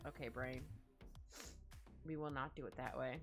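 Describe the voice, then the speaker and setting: A woman's voice: rumbling low, steady tone, moderate pace, pushed and bright. A woman casually chatting while she draws on a stream, rambling and giggly as she reads and answers her chat. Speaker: art streamer. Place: home streaming setup. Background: faint background music.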